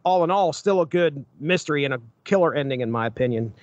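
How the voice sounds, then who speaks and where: A man's voice: on the high side, lively intonation, quick pace, dry recording, muffled recording. Easygoing male podcast co-host, dry sound. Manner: easygoing, brief replies, breezy plugs. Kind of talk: casual chat.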